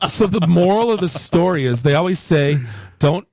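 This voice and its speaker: A man with a somewhat high-pitched voice tells a long anecdote in casual podcast chat. He restarts and repeats words as the story builds. The sound is dry and close. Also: normal speed, creaky, a little mellow, no echo. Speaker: co-host and part-time DJ.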